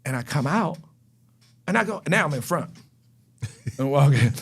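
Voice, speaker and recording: A man from North Carolina, a podcast guest telling a life story in an animated way and acting out scenes. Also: a little high, unhurried, creaky, breathy edge. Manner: animated, acts out scenes and voices. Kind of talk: storytelling chat.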